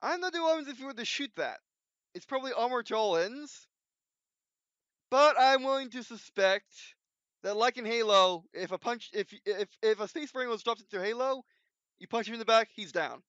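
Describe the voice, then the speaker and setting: Full of fillers and restarts, this man rambles through unscripted commentary on his own video, captured in dull lo-fi quality. His pitch is extremely high yet lively, a bit bright, clear and resonant, at normal speed with no echo.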